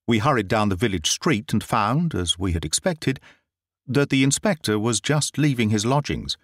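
A man narrating a classic detective story as an audiobook, in a measured, expressive storytelling manner on a close studio mic. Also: lowish voice, dry recording.

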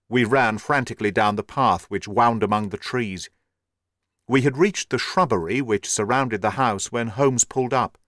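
A man's voice: medium pitch, normal speed, a bit bright, no echo. Man narrating a classic story, dry sound. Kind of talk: audiobook narration.

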